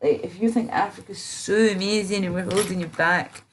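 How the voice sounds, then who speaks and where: A woman's voice: lowish voice, steady tone, normal speed, slight background noise. A woman livestreaming in casual chat, drowsy and rambling, with many fillers and trailing off. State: drowsy, slurred.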